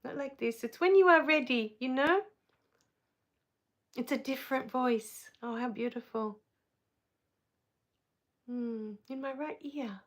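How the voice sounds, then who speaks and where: Soft-spoken woman, fairly high voice. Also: slow, long pauses. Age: adult with a child. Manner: soft-spoken, tender, laughs and tears up easily. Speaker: spiritual live-stream host. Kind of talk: live Q&A reading viewer comments.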